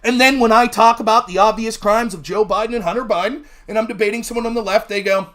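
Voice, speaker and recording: A man's voice: sits high, fairly even intonation, fast, a bit bright. A man hosting a political livestream show, giving sarcastic, combative commentary. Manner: sarcastic and combative, switching into mocking voices.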